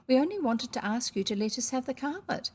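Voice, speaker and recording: A woman's voice: sits high, expressive, fairly quick, a little mellow, breathy edge, voice pushed up. A woman voicing an earnest young girl who speaks soothingly and tries to keep the peace.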